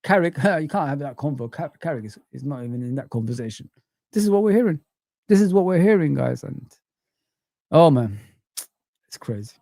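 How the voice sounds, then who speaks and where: A man's voice: fairly high pitch, animated, a little fast, creaky, long pauses, warm tone, no echo. A young man hosting a casual live stream, ranting, repeating himself and reading viewer comments aloud.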